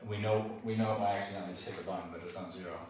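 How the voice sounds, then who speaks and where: A man's voice: deep voice, racing. Man dog trainer in a very echoey room. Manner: relaxed, explanatory, conversational. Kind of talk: hands-on training demonstration. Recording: very echoey room, distant mic, faint noise.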